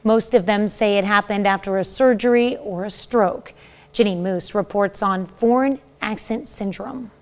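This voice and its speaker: A woman morning news anchor reading scripted stories in a crisp, friendly manner. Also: medium pitch, moderate pace.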